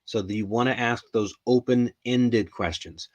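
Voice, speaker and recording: A man's voice: medium pitch, measured pace. A middle-aged man hosting a live English lesson, talking in a chatty, rambling way with frequent ums and restarts. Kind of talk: casual live-stream lesson.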